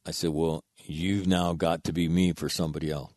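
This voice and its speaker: A man with a very low voice tells a heartfelt story in casual, blunt words and swears freely. He speaks earnestly, as in a spoken monologue. The sound is dry and close, with no room echo. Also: little pitch movement, moderate pace, a little mellow.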